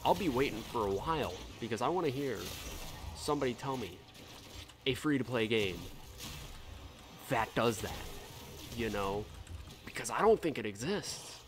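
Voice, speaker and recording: A man's voice: mid-range voice, moderate pace, long pauses. Male gamer vlogger, mid-range voice, worked-up rant with loose swearing. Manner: animated, heated, swears freely. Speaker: gaming video creator. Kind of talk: casual ranting commentary.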